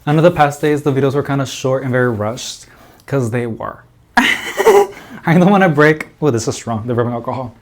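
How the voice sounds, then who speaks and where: A man's voice: medium pitch, steady tone, quick pace, a little mellow. A man chatting casually to camera as a plant vlogger in an indoor plant room, rambling with lots of fillers and little laughs.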